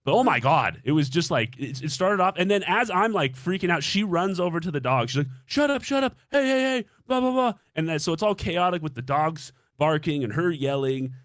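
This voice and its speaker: A man's voice: fairly high pitch, expressive, a little fast, hardly any pauses, fairly bright tone, no room sound, studio quality. A young man casually telling a dating story on a stream, swearing freely and acting out his own reactions.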